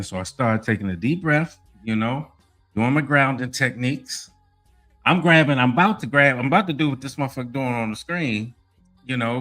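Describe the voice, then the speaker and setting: A man's voice: medium pitch, fairly bright tone. A man hosting a casual podcast, talking animatedly and with plenty of profanity, often saying "you know what I mean.". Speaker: podcast host. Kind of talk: casual sports podcast talk and rant. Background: faint music.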